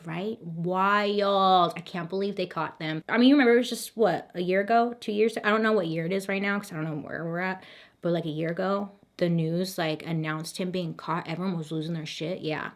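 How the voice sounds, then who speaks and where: A woman telling a true crime story to camera in a casual, chatty way, with dry sarcastic asides and a voice going hoarse. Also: lowish voice. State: hoarse, losing her voice.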